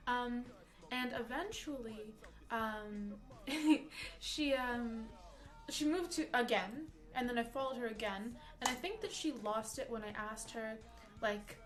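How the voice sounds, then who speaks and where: A young woman livestreaming from home, telling a story in a chatty, animated way full of "like" while reading chat. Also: on the high side, moderate pace. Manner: chatty, animated, peppers speech with "like".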